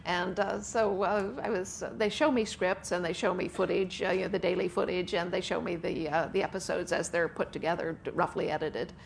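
A woman author speaks in a lowish, gravelly voice with little pitch movement, a little fast and with few pauses, over slight background noise. Interviewed on stage at a book festival with an audience, she's chatty, laughing often and using "uh" fillers.

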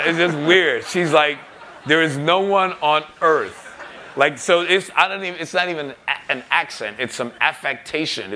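Bright-voiced man telling a lively anecdote. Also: medium pitch. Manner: animated storyteller, laughing, acting out quoted voices. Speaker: musician and record producer.

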